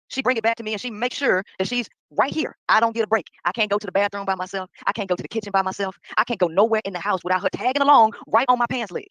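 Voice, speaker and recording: A woman's voice: medium pitch, fairly bright tone, no room sound, low-quality recording. A woman venting casually to her viewers in an exasperated, direct way. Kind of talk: casual rant.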